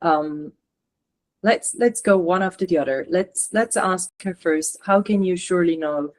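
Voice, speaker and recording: A woman channeler and coach guiding a spiritual session over a video call, talking in halting, searching phrases. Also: lowish voice, a little mellow. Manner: halting, searching, relays messages.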